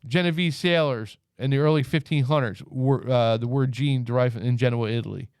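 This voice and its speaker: A man's voice: medium pitch, a little fast, a little mellow, clear, resonant tone, no echo, studio quality. A man co-hosting a comedy podcast, brashly rattling off facts from a list with plenty of swearing. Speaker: podcast co-host. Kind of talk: casual comedy podcast banter.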